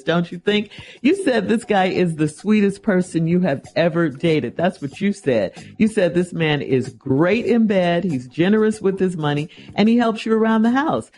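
A woman's voice: fairly low pitch, a little mellow. A woman host reading a listener's letter aloud and answering it with teasing disbelief. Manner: incredulous, teasing. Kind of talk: reading a letter and giving advice.

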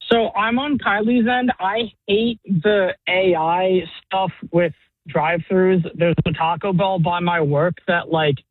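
A man's voice: high voice, steady tone, takes it slowly, dry recording. A man calling in to a radio show, chatting casually with many "like" fillers. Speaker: caller. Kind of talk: call-in chat. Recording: dry tinny phone line.

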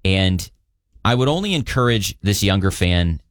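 A man's voice: deep voice, very animated, moderate pace, no room sound, clean studio sound. A man co-hosting a talk show, retelling a news story in an earnest, conversational way. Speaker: radio show co-host. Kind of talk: casual news chat.

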